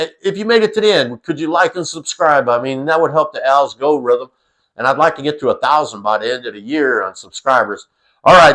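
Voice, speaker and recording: A man's voice: mid-range voice, a bit bright, low-quality recording. A middle-aged man, casually telling a funny personal story as a vlogger, folksy and profane, full of "you know" asides.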